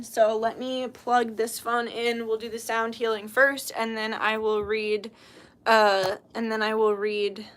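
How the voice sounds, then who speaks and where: Woman, livestream host, bright and fairly high, chatty and blunt, casual chat. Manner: chatty, laughing storyteller, blunt when annoyed. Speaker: spiritual healer and livestream host.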